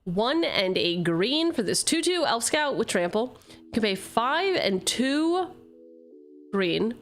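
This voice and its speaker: A woman's voice: on the high side, very animated, slow. A woman streamer in casual live-stream chatter, reading card text aloud and joking at her own expense, swearing freely. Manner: playful, self-mocking, swears freely, jumps between jokes and reading. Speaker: streamer opening card packs.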